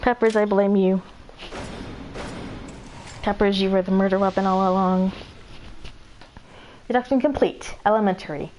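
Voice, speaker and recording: A woman's voice: medium pitch, little pitch movement, moderate pace, long pauses, darkish tone, slight background noise. A woman streamer giving casual, joking commentary while she plays, sometimes stumbling over her words. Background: game music.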